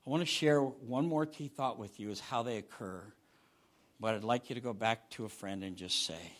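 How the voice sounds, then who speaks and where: A middle-aged man preaching a sermon, swinging from loud bursts down to hushed near-whispers. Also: on the low side, moderate pace. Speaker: pastor.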